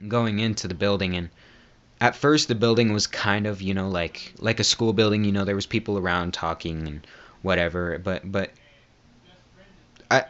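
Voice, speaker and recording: Rambling low-voiced man recapping a movie. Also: fairly bright tone, muffled recording. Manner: rambling, lots of fillers and restarts, swears freely. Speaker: movie reviewer. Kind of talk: casual spoken movie recap.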